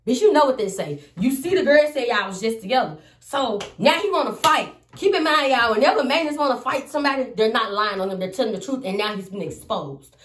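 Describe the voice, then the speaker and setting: Animated, foul-mouthed woman telling a story in an echoey room. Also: fast, distant mic. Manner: animated, profane, swings between loud outbursts and low asides. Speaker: comedian telling a personal story. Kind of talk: casual storytime vlog.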